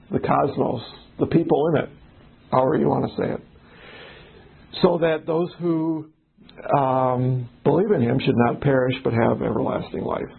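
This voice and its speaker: Gravelly, husky Bible study leader. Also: medium pitch, phone-quality sound. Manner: explains word meanings, asks the group questions. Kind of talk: group Bible study discussion.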